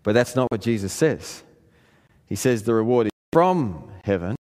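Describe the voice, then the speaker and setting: A man preaching a sermon, telling a family story in an earnest way and rising in pitch when he presses a point. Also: expressive, normal speed, darkish tone. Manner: earnest storytelling, pitch climbing in emphatic passages. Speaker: pastor. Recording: long hall reverb.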